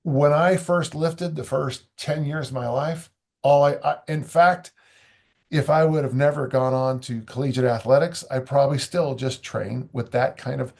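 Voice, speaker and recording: A man's voice: medium pitch, steady tone, moderate pace, gravelly, a little mellow. An older man, a strength coach and author, talking casually in an interview, rambling with many restarts and asides.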